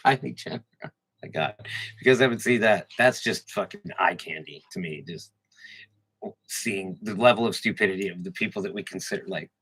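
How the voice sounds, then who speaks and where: Bright-voiced man joking crudely. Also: deep voice, a little fast, husky. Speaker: podcast co-host. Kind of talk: casual comedic chat.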